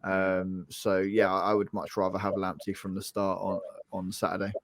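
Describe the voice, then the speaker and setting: Man, low monotone voice, dry close sound, blunt, lots of ums. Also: moderate pace, no echo. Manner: blunt, hesitant with many ums. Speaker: podcast co-host. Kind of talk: casual fan podcast chat.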